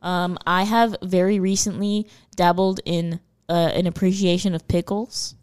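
A woman's voice: on the low side, little pitch movement, normal speed, darkish tone, smooth. A woman whose first language is Spanish, co-hosting a podcast in casual chat, swearing freely and filling gaps with "like" and "um". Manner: chatty, swears a lot, lots of fillers. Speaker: podcast co-host.

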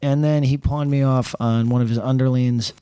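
A man's voice: medium pitch, fairly even intonation, moderate pace, warm tone, smooth, no room sound, rough recording. Sarcastic, ranting man. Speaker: travel vlogger. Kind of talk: casual rambling monologue. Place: hotel room.

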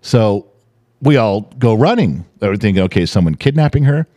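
Older male podcast co-host, low dark voice, lively storyteller, dry close sound. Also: normal speed, no echo. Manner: animated storytelling, acting out voices. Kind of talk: casual chat.

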